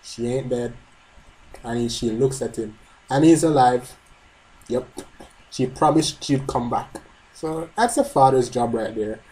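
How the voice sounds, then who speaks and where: A man's voice: mid-range voice, measured pace, long pauses, dark tone, poor audio. A man hosting a live manga reread, reacting in a casual, joking and profane way.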